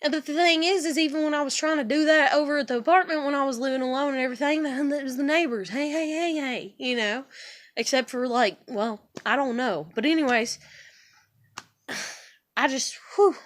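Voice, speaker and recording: A woman with a high voice ranting straight into a personal vlog. She is blunt and swears freely. She sounds heated and passionate, and her speech rambles from point to point. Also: a little fast. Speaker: vlogger.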